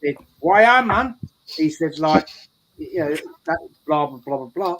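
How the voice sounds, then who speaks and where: A man's voice: on the high side, fairly even intonation, moderate pace. A man telling a rambling story in casual chat, repeating his words as he goes. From England. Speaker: show regular. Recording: faint background noise.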